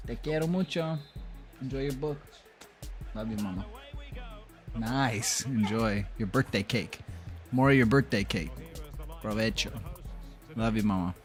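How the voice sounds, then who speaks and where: A man streaming a football video game, chatting casually and telling a heated story with plenty of swearing. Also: on the low side. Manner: animated ranting storyteller, swears freely. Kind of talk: casual live-stream chat.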